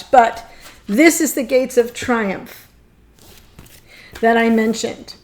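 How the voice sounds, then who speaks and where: Emotional lady doing a tarot reading, bit high voiced, all choked up and gushing. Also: slow pace, pauses often. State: choked up, near tears. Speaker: tarot reader.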